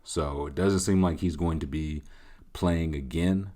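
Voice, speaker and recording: A man's voice: rumbling low, a little slow. A man hosting his own show, giving casual joking commentary on sports and video games. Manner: jokey, animated, voices quoted game text. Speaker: host.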